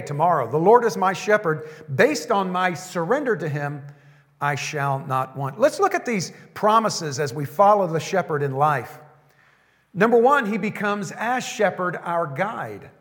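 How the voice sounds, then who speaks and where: A pastor preaching a sermon, slowing down to stress the scripture lines he quotes. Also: high-pitched, fairly bright tone, long reverb tail.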